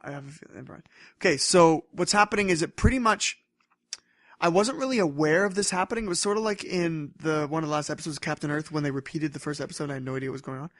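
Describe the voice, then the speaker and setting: A young man co-hosting a podcast, chatting casually and telling rambling, animated stories with frequent laughter. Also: a little high, fast talker, no room sound, clean studio sound. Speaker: podcast co-host. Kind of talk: casual chat.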